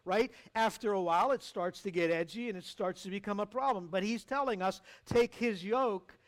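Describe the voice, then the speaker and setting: A man's voice: sits high, normal speed. A man preaching a sermon as pastor, earnest and conversational, with rhetorical asides to the congregation.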